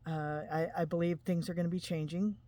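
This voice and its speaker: A woman's voice: lowish voice, fairly even intonation, dark tone, dry recording. Earnest woman sharing a spiritual story. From Utah, USA. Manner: earnest, emotional, halting with restarts. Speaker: spiritual vlogger. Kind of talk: personal testimony to camera.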